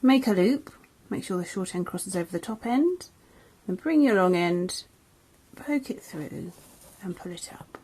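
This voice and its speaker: A woman's voice: mid-range voice, animated, unhurried, darkish tone, husky. Chatty English woman teaching crochet. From England. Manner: chatty, friendly, self-correcting. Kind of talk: casual tutorial.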